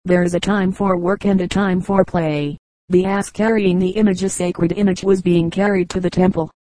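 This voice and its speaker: A woman reading fables aloud as an audiobook narrator, in a calm, measured way. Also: fairly low pitch, dry recording, rough recording. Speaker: audiobook reader. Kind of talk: storybook narration.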